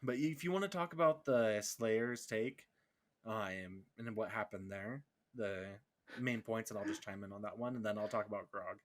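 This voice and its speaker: A man co-hosting a casual podcast, easygoing and quick to laugh, mostly chiming in with short replies. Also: lowish voice. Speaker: podcast co-host. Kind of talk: casual fan chat.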